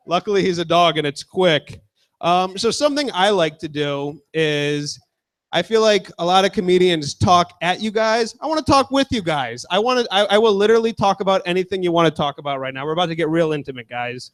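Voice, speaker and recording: Crude young stand-up comic, high voice. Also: male voice, brisk, fairly bright tone. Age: 20s. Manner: casual, crude, talks with the crowd. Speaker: stand-up comedian. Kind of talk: stand-up set.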